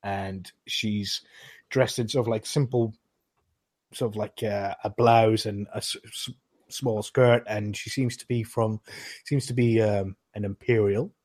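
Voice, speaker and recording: A man narrating a tabletop game as game master, pausing with many fillers. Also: fairly low pitch, fairly even intonation, darkish tone.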